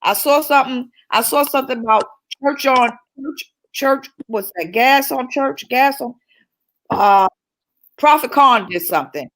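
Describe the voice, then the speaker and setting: Woman minister for a passionate talk, slightly higher voice, preachy repetition. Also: measured pace, fairly bright tone, rough recording. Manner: fervent, preachy, repeats phrases. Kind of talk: impassioned church talk.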